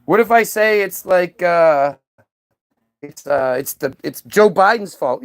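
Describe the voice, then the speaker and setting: A man's voice: sits high, lively intonation, moderate pace, vocal fry. A man delivering a solo rant, agitated and profane, stumbling over repeated words and slipping into sarcastic mimicry.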